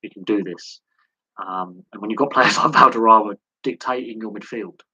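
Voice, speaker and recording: A man chatting casually on a live sports stream, with a bright, forceful edge to a slightly husky, lowish voice. He rambles through stories, restarting sentences and acting out quoted lines. The sound is close and dry, with no room around it. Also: moderate pace, no room sound, highs cut off. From United Kingdom. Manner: rambling storytelling with frequent restarts and animated quoting. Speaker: host of a sports channel.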